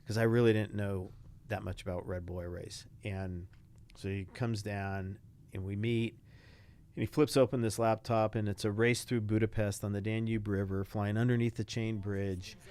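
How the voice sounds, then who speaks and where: An older man, a retired Navy pilot, telling animated stories as an interview guest and acting out the people he quotes. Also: on the low side, normal speed, slight background noise. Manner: animated anecdotes, acts out quoted voices. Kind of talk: casual interview storytelling.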